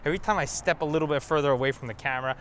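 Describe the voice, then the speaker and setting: A man with a somewhat high voice, chatty and playful as he vlogs into a lavalier mic. He talks casually and explains things as he goes. A faint hiss of noise sits under his voice. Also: racing, a bit bright. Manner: chatty and playful, demonstrating gear. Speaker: vlogger. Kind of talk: casual vlog chat. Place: outdoors at a car wash.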